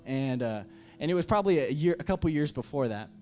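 A man's voice: a little high, expressive, fast talker, darkish tone. Impassioned male pastor preaching. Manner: impassioned preaching with emphatic repetition. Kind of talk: sermon.

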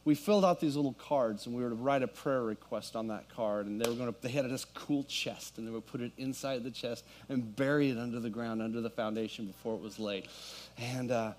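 A middle-aged pastor with a mid-range, slightly mellow voice speaks fairly quickly to his congregation in a church sanctuary. He starts by telling a story, then builds into fervent preaching.

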